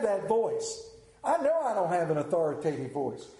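A man's voice: high-pitched, very animated, normal speed, warm tone, reverberant, rough recording. A male pastor giving a sermon, reading scripture, leading prayer and telling stories in a conversational, lightly humorous way. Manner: conversational storytelling, self-deprecating humor.

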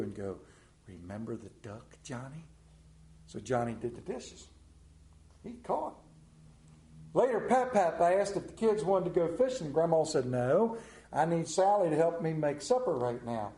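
A man preaching a sermon, telling stories in a folksy way and dropping to a hush for quoted lines. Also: a little high, expressive, normal speed, reverberant. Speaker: pastor. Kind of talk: storytelling sermon.

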